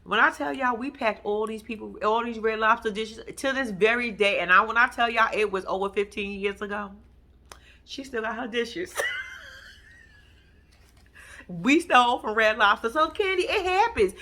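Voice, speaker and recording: A woman's voice: on the high side, moderate pace, long pauses. A woman hosting a casual vlog, swearing freely and laughing as she tells stories straight to her viewers. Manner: profane, animated, talks straight to viewers as y'all. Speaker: vlog host recapping a TV episode. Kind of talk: casual storytelling commentary.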